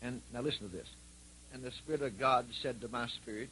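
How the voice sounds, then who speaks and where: A man's voice: medium pitch, brisk, bright, forceful tone, slight background noise, poor audio. A male preacher delivering a sermon with folksy, repetitive storytelling and emphatic lines.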